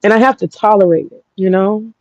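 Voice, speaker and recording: A woman's voice: mid-range voice, steady tone, fairly quick, a little mellow, dry recording, dull audio. An American woman with an African American English accent, telling a personal story in a frank, profane, rambling vlog. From United States. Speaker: vlogger.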